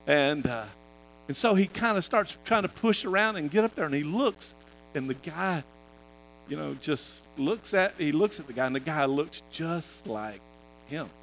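A man's voice: fairly high pitch, lively intonation, fairly bright tone, a little hiss or hum, poor audio. Man telling a sermon story. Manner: conversational, halting, many restarts. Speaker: preacher.

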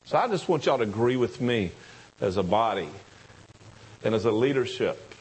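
A man preaching a sermon, telling a story with excited high bursts and hushed low asides. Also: moderate pace, slightly rough, low-quality recording. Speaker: pastor.

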